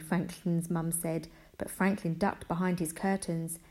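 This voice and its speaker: A woman reading a children's storybook aloud in an expressive, animated manner. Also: lowish voice, moderate pace, few pauses.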